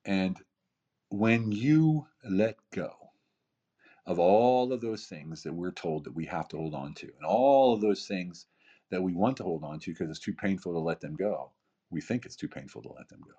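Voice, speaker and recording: Fifties guy, very low husky voice, motivational talk, keeps repeating himself and asking "right?". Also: animated, moderate pace, mellow, highs cut off. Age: 50s. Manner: emphatic, repeats phrases, rhetorical questions. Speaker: podcast guest, keynote speaker and author.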